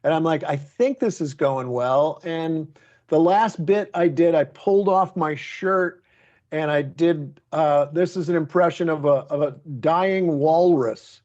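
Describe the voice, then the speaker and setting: Animated storytelling man, fairly high voice. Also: unhurried, highs cut off. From Detroit, USA. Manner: animated storyteller, acts out others' lines. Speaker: comedian guest. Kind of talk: casual interview storytelling.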